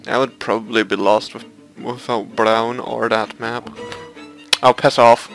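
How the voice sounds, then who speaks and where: A man's voice: medium pitch, level tone, a little slow, a bit bright, poor audio. A man hosting a let's play, giving sweary, exasperated commentary and muttering to himself as he plays. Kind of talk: profane gaming commentary. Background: violin game music.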